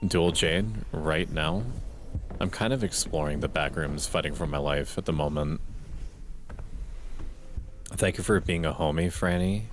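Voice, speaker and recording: Man, extremely deep voice, quiet monotone, gameplay streamer, faint background noise. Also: measured pace, long pauses. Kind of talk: casual gameplay commentary. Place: home at night.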